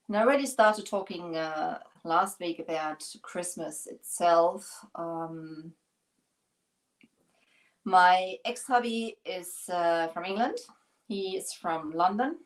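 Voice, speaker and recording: A woman's voice: lowish voice, slow pace, pauses often, poor audio. A woman from Germany with a German accent hosting a live crafting demonstration, talking in a chatty, rambling way and joking about herself. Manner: chatty, rambling, self-deprecating. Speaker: craft stream host.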